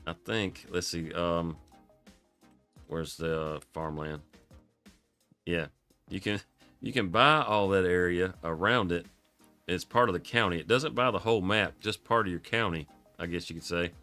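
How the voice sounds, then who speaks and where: Streamer, male, very low but bright voice, froggy, laid-back and rambling, music faint behind. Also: a little slow, long pauses. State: froggy from coughing. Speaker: live streamer playing a farming game. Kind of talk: casual gameplay commentary.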